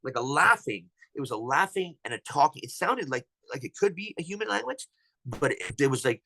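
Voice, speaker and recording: Podcast guest, male, rapid and rambling storyteller with frequent restarts. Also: mid-range voice, big pitch swings, vocal fry, pushed and bright, no echo, low-quality recording. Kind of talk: telling a personal encounter story.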